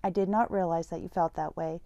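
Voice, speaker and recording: A woman reading the part of a calm, formal male mentor who speaks stiffly and evasively. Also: on the low side, fairly quick, dry recording, dull audio, lightly acted.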